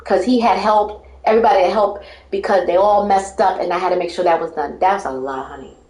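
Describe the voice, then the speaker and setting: A woman's voice: medium pitch, quick pace, a little mellow, roomy sound. A woman telling her life story in casual talk, rambling and emphatic, often breaking into laughter.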